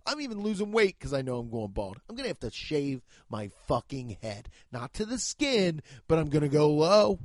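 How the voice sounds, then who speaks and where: A man in his thirties delivers a profane, mocking comedy rant as a podcast host. His voice sits a bit high for a man. The recording is close and dry, with no room sound. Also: very animated, moderate pace, few pauses, dry recording.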